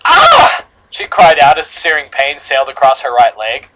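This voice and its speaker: A man's voice: mid-range voice, normal speed, crowd noise, low-quality recording. A man reading a horror fan story aloud to friends, dramatic, with slips and re-reads. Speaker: story reader.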